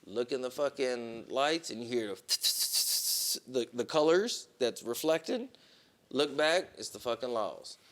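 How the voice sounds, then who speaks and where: A man on a podcast telling a long story in casual, profane talk, with plenty of "boom" and "right?". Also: animated, takes it slowly, a bit bright. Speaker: podcast co-host.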